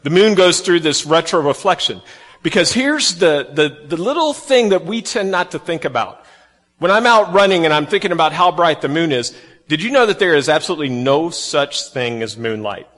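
A man's voice: fairly high pitch, lively intonation, moderate pace, a bit bright. A man, a pastor talking to his church in a chatty, folksy way with self-deprecating humor. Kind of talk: casual sermon opening. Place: church sanctuary. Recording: long reverb of a large hall.

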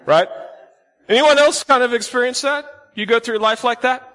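A man's voice: very high-pitched, normal speed, pushed and bright. A man preaching a sermon in a church, telling stories in a chatty way and asking the congregation questions. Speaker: pastor. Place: church sanctuary. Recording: long hall reverb.

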